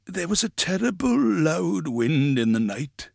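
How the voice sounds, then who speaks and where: A man voicing an eccentric, sly old grandfather who shouts to imaginary horses. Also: a little high, sing-song, unhurried, creaky, no echo, studio quality, pitched above the performer's own voice, heavily acted. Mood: gruff. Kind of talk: dramatic story reading.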